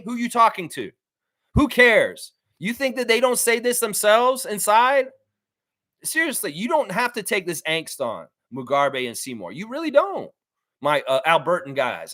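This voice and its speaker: A man's voice: a little high, dry recording, studio quality. A man hosting a live fan reaction stream, reading chat and answering in a blunt, repetitive way with casual swearing. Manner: blunt, animated, swears freely, repeats himself for emphasis. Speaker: sports stream host.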